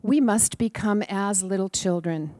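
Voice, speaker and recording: A middle-aged woman giving a storytelling sermon, gentle and animated, sometimes dropping to a soft whisper. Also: medium pitch, a little slow, no room sound, clean studio sound. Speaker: speaker giving a church talk.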